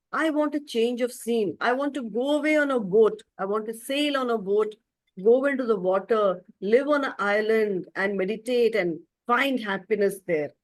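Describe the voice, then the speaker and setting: Never-happy guy always wanting more, woman putting on the voice, pleading, a bit high. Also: no room sound, close to an everyday voice. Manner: pleading and discontented. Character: restless man, never satisfied, grows from boy to old age.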